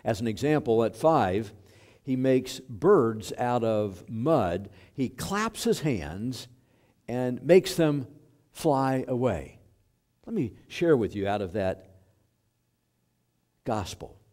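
A man preaching a sermon as pastor, unhurried and filling pauses with small hesitations. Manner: unhurried and lively in pitch, with fillers. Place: church sanctuary.

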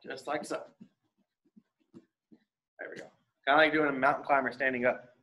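A man teaching a martial arts class, leading a warm-up with encouraging, casual coaching and offhand asides. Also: medium pitch, little pitch movement, moderate pace, poor audio.

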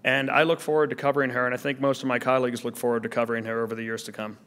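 A man's voice: mid-range voice, level tone, rapid-fire, a bit bright. A man answering audience questions at a seminar, combative and sardonic. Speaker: speaker at a seminar. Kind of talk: lecture Q&A answer. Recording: long hall reverb.

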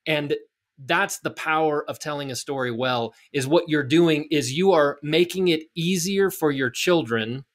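A middle-aged podcast co-host with a slightly high voice. He explains earnestly and builds his argument step by step in a relaxed, conversational tone. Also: unhurried. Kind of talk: casual podcast chat.

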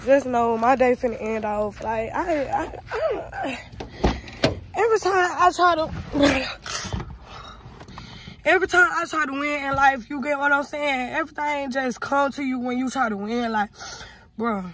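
A woman's voice: sits high, a little slow, noisy background. A young woman vlogging casually from a car, talking in a profane, brash, rambling way. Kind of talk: casual vlog rant.

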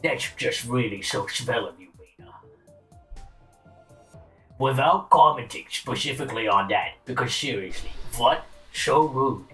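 A man's voice: mid-range voice, a bit bright, far from the mic, lightly acted, rough recording. A man voicing a whiny, flirtatious male troll who fancies himself a greaser poet, overwrought and self-pitying. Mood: indignant. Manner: overwrought, self-pitying, swears between lines.

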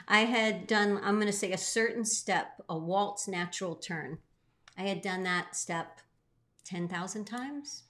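A woman's voice: mid-range voice, slow, a bit bright. A middle-aged woman co-hosting a show, earnestly telling an emotional personal story with swings in her voice. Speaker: co-host. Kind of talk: heartfelt storytelling.

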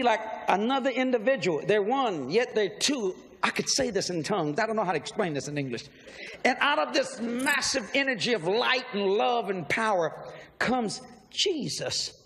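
Preacher, man, very high gravelly voice, lively delivery, echoing hall with a faint crowd. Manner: animated, bursts into shouting. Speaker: minister. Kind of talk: sermon storytelling.

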